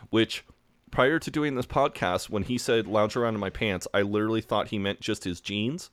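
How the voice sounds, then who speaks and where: A man's voice: on the low side, moderate pace, fairly bright tone, dry recording. An American man hosting a podcast in casual chat, retelling scenes animatedly and acting out the quoted lines. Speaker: podcast host.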